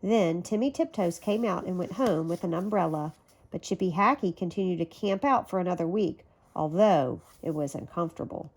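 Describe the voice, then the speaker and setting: A woman reading a children's story aloud in a gentle, even storytelling manner. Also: fairly low pitch, normal speed, husky. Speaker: storybook reader.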